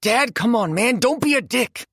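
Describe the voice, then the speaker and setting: A man's voice: sits high, moderate pace, a bit bright, no room sound, clean studio sound, pitched above the performer's own voice. Man playing a young woman, frantic, clipped, foul-mouthed, tense and hissing, horror audiobook.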